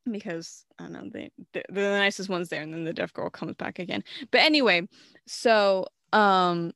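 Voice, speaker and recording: A woman's voice: medium pitch, moderate pace, a bit bright, no echo, studio quality. A young woman co-hosting a casual movie review, retelling scenes with lots of fillers and acted-out quotes. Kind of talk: casual chat.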